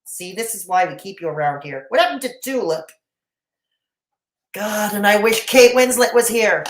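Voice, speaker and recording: A woman's voice: mid-range voice, normal speed. Woman reaction streamer, sarcastic, laughing asides, roomy echo. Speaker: commentary streamer reacting to a video. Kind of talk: casual reaction commentary reading chat.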